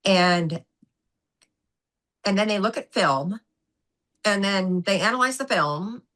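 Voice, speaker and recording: A woman guest on a podcast interview, an animated, emphatic storyteller who acts out what people said. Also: mid-range voice, slow pace. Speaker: guest, former gymnastics coach.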